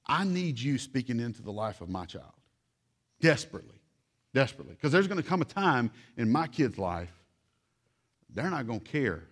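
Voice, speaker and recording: A male pastor delivers a sermon in a church sanctuary. He speaks in an earnest, pleading way and doubles up words for emphasis. His voice sits in an ordinary middle pitch.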